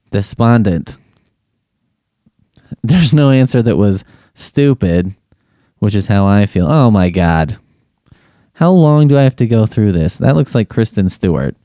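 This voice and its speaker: A man hosts a comedic solo podcast, full of crude, sarcastic asides. His voice sits low and mellow, swinging widely in pitch, recorded dry and close. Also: no room sound. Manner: crude, sarcastic, exasperated running commentary. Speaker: podcast host.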